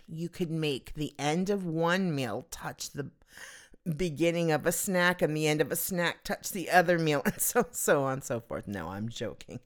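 Her voice sits low and sounds animated at a normal pace. In this casual solo podcast she hosts, she talks in a rambling, giggly, self-deprecating way.

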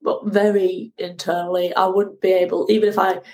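A woman, a guest telling her ocean rowing story in a lively conversational way. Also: fairly low pitch, brisk, a little hiss or hum, low-quality recording. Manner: animated, acts out shouting at the sea.

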